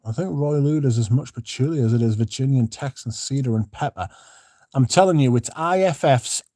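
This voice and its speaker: Dark-voiced man chatting on stream. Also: medium pitch, brisk, no room sound, studio quality. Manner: rambling, laid-back, swears freely. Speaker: livestream host. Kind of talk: casual livestream chat, reading comments.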